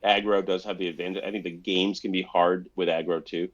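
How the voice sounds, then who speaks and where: A man's voice: low voice, flat delivery, brisk. A man co-hosting a podcast, talking casually with many fillers. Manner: conversational, fillers like "like". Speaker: podcast co-host. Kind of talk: casual chat. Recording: dull lo-fi mic.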